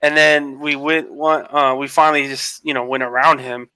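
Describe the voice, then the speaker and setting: A man's voice: mid-range voice, moderate pace, clear, resonant tone, no room sound. A man telling a road story in casual chat, swearing a lot and acting out his frustration. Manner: animated storytelling, heavy swearing.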